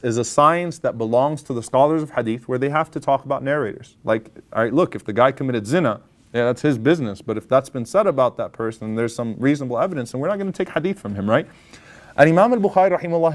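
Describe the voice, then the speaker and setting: Lively male lecturer telling stories. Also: mid-range voice. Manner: casual and lively, acts out quoted lines, mixes in Arabic phrases. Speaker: imam giving a lecture. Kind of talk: storytelling lecture.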